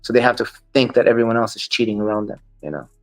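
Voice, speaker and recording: A man's voice: mid-range voice, animated, very fast, soft background music. A man as an interview guest, a dog breeder, talking bluntly and quoting others as he tells his stories. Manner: blunt, dismissive of critics, quotes others in dialogue. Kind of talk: storytelling interview.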